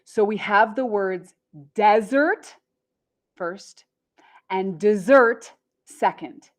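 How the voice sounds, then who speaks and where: A woman teaching an English lesson, repeating words slowly and stressing syllables clearly. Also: medium pitch, steady tone. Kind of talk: slow, carefully enunciated English lesson.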